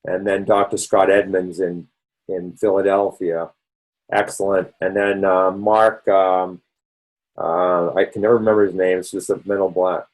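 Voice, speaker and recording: A man's voice: deep voice, flat delivery, a little slow, poor audio. Male presenter, Boston accent, loose rambling lecture delivery with frequent restarts. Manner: conversational, rambling explainer with restarts. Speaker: doctor presenting a health session.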